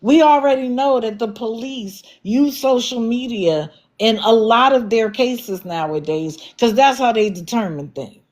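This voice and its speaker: A woman's voice: a little high, a little slow, hardly any pauses, a little mellow. Blunt, scolding woman livestream host. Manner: blunt, scolding, sarcastic rhetorical questions. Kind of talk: commentary livestream.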